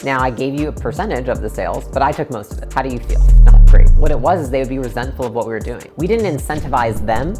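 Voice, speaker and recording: A woman in her twenties recounts her own story casually, her voice very deep and somewhat dark in tone. She peppers her speech with "like" and acts out the lines she quotes.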